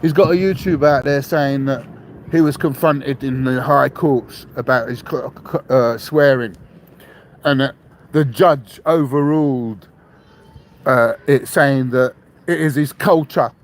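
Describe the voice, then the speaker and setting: A man's voice: medium pitch, a little slow, slight background noise, rough recording. A man, hosting a podcast monologue, repeating himself, swearing, and ending lines with "yeah?". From England, raised in London. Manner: repetitive, tags statements with "yeah?"; blunt and defiant, swears. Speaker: podcast host. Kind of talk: rambling monologue to listeners.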